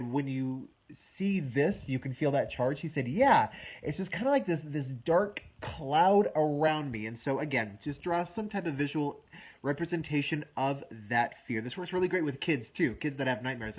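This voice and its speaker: A man in his thirties with a husky, slightly breathy voice walks through a self-help exercise one step at a time. He sounds relaxed and pokes fun at himself now and then. The recording is a little dull and muffled. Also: mid-range voice, normal speed. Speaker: wellness coach. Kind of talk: instructional talk to camera.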